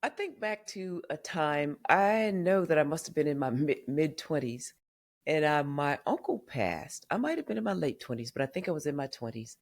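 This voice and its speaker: A woman's voice: low voice, expressive, moderate pace. An older woman from the American South, a memoir author and podcast guest, telling family stories candidly and acting out what her relatives said. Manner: candid storyteller who acts out quoted family members. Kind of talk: podcast interview storytelling.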